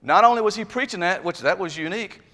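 A man preaching a sermon to his congregation, chatty and folksy, building up to loud emphatic stretches. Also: sits high, expressive, fast. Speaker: pastor. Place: church sanctuary. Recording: long reverb of a church hall.

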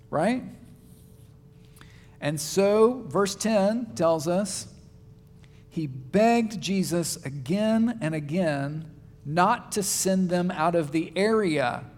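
Man, pastor, high-pitched, conversational preaching, reverberant church hall. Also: slow pace, long pauses. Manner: conversational, animated preaching with audience questions. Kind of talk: sermon.

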